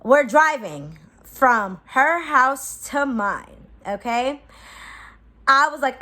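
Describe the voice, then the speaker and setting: A woman's voice: sits high, lively intonation, slow pace, pushed and bright. A woman in her twenties telling a casual storytime to her viewers, blunt and profane, laughing often and acting out her own lines. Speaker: vlogger.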